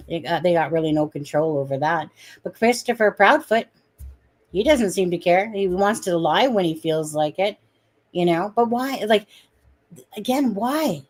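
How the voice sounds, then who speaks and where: Blunt, swearing woman commentator. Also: mid-range voice. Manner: blunt, indignant, swears freely. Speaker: guest commentator. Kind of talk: casual live-stream commentary.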